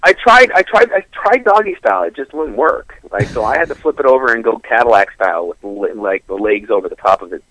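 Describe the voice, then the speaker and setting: Man, crude storyteller, lively pitch, bright voice, dry close sound. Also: fairly quick, hardly any pauses, no echo, low-quality recording. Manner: profane, animated, laughing through the story.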